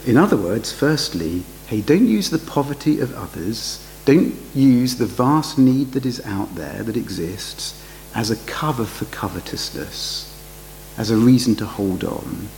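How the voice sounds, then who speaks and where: A man preaching a sermon, his voice lively and full of rhetorical questions. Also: medium pitch, a little slow, gravelly, slight background noise, low-quality recording.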